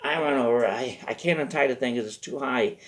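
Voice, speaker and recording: A man's voice: mid-range voice, a little fast, fairly bright tone. A man hosting a show, telling a rambling comic story from his youth with lots of asides. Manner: rambling, self-interrupting. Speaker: host. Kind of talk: comedic storytelling.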